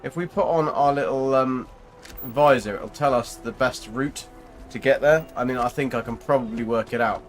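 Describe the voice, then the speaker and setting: Chatty British gaming streamer. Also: male voice, mid-range voice, normal speed. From Britain. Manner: chatty, playful, joking. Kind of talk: casual livestream commentary.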